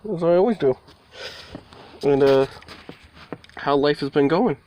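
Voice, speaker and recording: A man's voice: fairly high pitch, unhurried, darkish tone, slight background noise. A man giving a casual vlog update, rambling and talking to his cats, with the odd mild swear word. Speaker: vlogger. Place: indoors near a door, partly outside.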